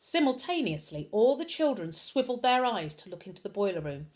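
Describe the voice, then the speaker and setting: A woman reading a children's novel aloud with expressive storytelling. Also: medium pitch, a little fast. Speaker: reader.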